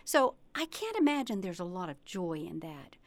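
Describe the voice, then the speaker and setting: A woman's voice: fairly low pitch, very animated, moderate pace, no echo. A woman hosting a talk show interview, asking friendly, prompting questions. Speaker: host interviewer.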